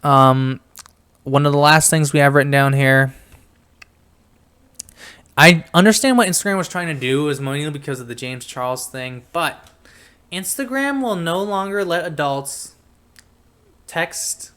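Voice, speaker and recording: Young man, podcast host, casual chat, smooth clear voice, rambling. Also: on the high side, measured pace, long pauses, a bit bright. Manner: rambling, easily sidetracked, mumbles while reading. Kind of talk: casual pop-culture chat.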